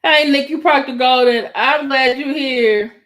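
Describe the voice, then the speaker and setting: A woman doing casual live-stream commentary, excitable and talking straight to her viewers. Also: a little slow. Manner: excitable, exclaiming to viewers, voice jumps higher when excited. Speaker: YouTube commentator.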